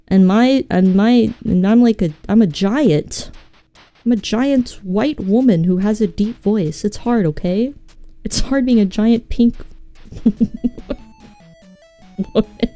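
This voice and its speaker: A woman streaming live with a scratchy, mellow voice, rambling between topics and swearing freely. She is self-mocking and casual in her delivery. Faint music plays behind her. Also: medium pitch, slow pace, pauses often, dry recording. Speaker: VTuber streamer.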